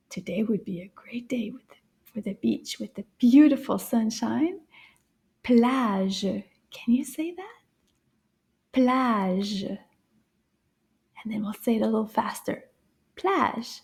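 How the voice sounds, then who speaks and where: A woman teaching French to young children in a playful way. She gasps in wonder, whispers her asides and draws words out slowly for the children to repeat. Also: on the high side, gravelly, warm tone, husky. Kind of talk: slow, playful kids' lesson.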